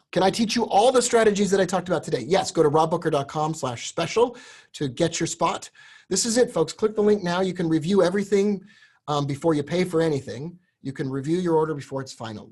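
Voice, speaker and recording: A man hosting a live stream, pitching a course with earnest, emotional directness to viewers. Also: a little mellow, husky. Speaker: host selling a trading course.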